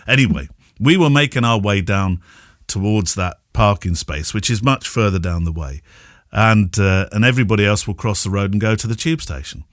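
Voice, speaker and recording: A man's voice: fairly low pitch, normal speed, no echo, clean studio sound. A man co-hosting a podcast, chatting casually and telling jokey stories with frequent laughter. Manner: jokey, animated storyteller who laughs often. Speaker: podcast co-host. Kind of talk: casual chat.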